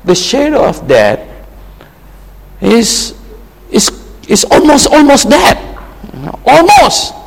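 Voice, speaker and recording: Slow gravelly Indonesian preacher in a hall. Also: male voice, extremely high pitch, wildly swooping pitch. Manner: emphatic, repeats phrases, non-native grammar. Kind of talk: sermon. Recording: long reverb hall.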